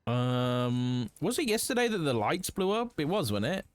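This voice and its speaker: A man's voice: a little high, big pitch swings, moderate pace, no echo. A man streaming a roleplay game, chatting casually and rambling with lots of fillers and swearing.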